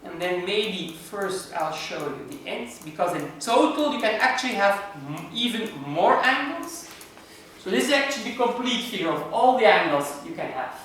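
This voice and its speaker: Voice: medium pitch, fairly bright tone, a little hiss or hum. Lecturer in an echoey hall, far off. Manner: explains step by step with rhetorical questions. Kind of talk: university lecture.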